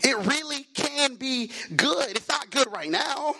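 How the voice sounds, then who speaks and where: A man preaching a sermon in a rhythmic cadence, repeating phrases, stretching key words and sometimes shouting. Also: very high voice, animated, takes it slowly, gravelly, poor audio.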